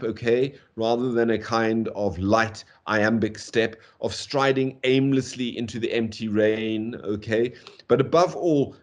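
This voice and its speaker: A man's voice: medium pitch, darkish tone. A man giving a university literature lecture, talking in long discursive runs peppered with "okay" and "whatever", and beating out poetic meter aloud. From South Africa. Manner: taps out meter aloud with syllables.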